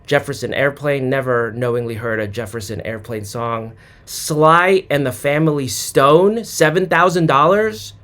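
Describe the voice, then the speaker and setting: A man in a casual comedic monologue, reading off names with deadpan, mock-clueless sarcastic asides and humming snatches of songs. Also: mid-range voice, unhurried. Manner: hums and sings snatches of songs. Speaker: sports commentary vlogger.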